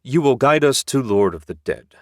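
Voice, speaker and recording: A man voicing a cold, commanding male dragon in an audiobook, speaking slowly and with threat. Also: medium pitch, animated, dry recording, studio quality, voice pushed up, natural voice. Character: commanding, menacing male dragon in human form. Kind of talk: audiobook character voice.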